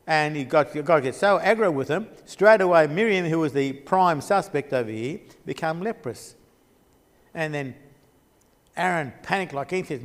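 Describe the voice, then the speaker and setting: A man's voice: a little high, animated, normal speed, big-room sound. A man teaching a Bible geography class at a church, rambling with frequent restarts as he points at a map. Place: church hall.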